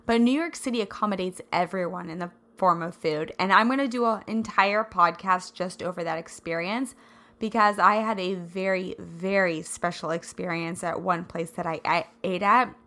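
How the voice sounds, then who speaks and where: A woman from the Midwest hosting a casual solo podcast, bubbly and effusive, laughing often, her throat a little scratchy and raspy today. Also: lowish voice, moderate pace, fairly bright tone. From American Midwest. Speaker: podcast host.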